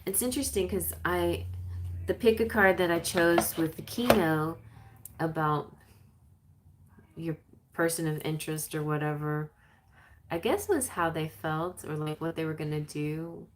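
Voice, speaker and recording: A woman's voice: sits low, a little slow, pauses often, slight background noise. A woman giving a chatty live-stream tarot reading, reading guidebook passages aloud between her own comments. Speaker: tarot reader.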